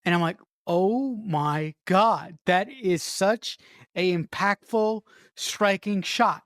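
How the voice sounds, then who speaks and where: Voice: medium pitch, takes it slowly, no room sound, studio quality. A podcast co-host in casual movie discussion, talking with enthusiasm and often repeating words while finding the right one.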